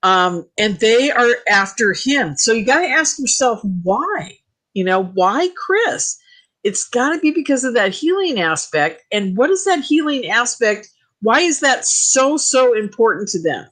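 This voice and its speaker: Excitable woman telling animated stories. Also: on the high side, a little slow, low-quality recording. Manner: animated storytelling, emphatic and excitable. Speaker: UFO contactee guest. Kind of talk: casual talk radio chat.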